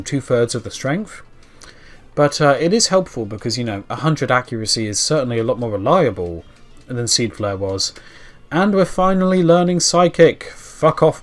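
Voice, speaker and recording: A young man with a dry mouth, casually chatting through a video game playthrough, sometimes talking back to the game. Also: mid-range voice. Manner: chatty, self-deprecating, talks to the game. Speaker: let's-play host. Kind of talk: casual gameplay commentary.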